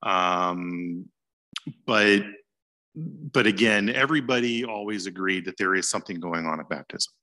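A man teaches church history in a loose, conversational way, chuckling now and then. His voice sits a little low but sounds bright and forceful. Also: a little slow. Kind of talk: informal lecture.

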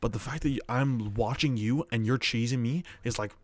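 A young man talking fast and heated in a casual chat. He swears freely and his voice jumps up when he gets worked up. The sound is dry and close, with no room around it. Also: medium pitch, dry recording. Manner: heated, swears a lot, rising to loud outbursts.

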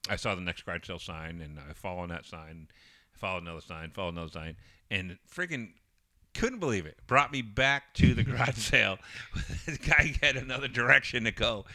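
A middle-aged man telling stories in casual chat, animated and swearing freely. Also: on the low side, brisk. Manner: animated, swears freely, acts out quoted voices.

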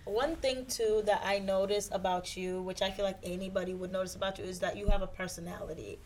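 Relaxed woman hosting a podcast. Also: mid-range voice, quick pace, a little hiss or hum. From Haitian family. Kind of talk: casual podcast chat.

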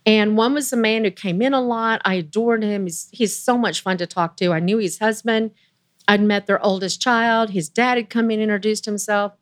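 A woman in her sixties with a Southern US accent tells her story in a chatty, animated way, her voice jumping high when she gets excited. Her voice sits at an ordinary pitch and sounds close and dry. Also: normal speed, no room sound. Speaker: interview guest. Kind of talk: personal storytelling.

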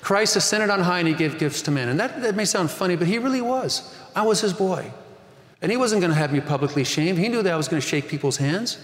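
A man's voice: sits high, animated, fast talker. Male pastor, 50s, earnest sermon storyteller; reverberant hall recording. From Northern California. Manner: earnest storytelling preacher, rising emphasis.

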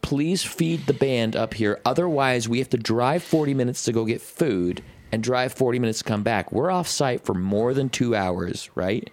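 A man's voice: mid-range voice, expressive, normal speed, hardly any pauses, a little mellow. A man co-hosting a music podcast in casual chat, telling long rambling stories full of fillers and the odd swear word. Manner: rambling storyteller, heavy fillers, swears freely.

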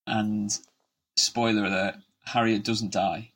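A man with a lowish, husky voice chats casually as a podcast co-host. He is laid-back and swears freely, and he laughs easily as he walks through the story. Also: little pitch movement, slow pace, fairly bright tone. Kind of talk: casual chat.

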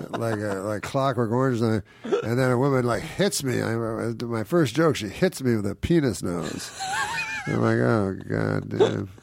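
A guest comedian rambles through an anecdote, chuckling often and mimicking the people in his meandering story. His medium-pitched voice has vocal fry and a moderate pace, recorded with no room sound.

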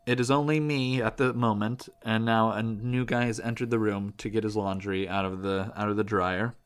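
A man's voice: fairly low pitch, fairly even intonation, normal speed, clear, resonant tone. A young man chatting casually as a podcast co-host, joking and laughing as he tells a story. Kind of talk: casual chat.

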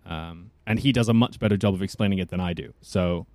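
A man's voice: deep voice, quick pace, a little mellow, no room sound. A man co-hosting a podcast, a voice actor chatting casually, rambling with many fillers and restarts. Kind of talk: casual chat.

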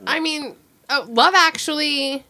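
A woman's voice: sits high, a little slow, sharp tone, a little hiss or hum. A woman in a casual podcast chat, making dry, self-deprecating remarks. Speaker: podcast co-host.

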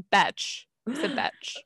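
Podcast co-host, woman, lively storyteller, dry close mic. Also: on the high side, very slow, slightly rough, dry recording. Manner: animated storyteller, acts out quoted dialogue. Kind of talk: casual chat.

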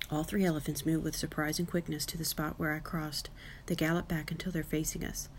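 A woman narrating a children's audiobook in a lively, wry first-person style, giving each character a voice. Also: sits low, brisk, a little hiss or hum. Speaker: audiobook reader.

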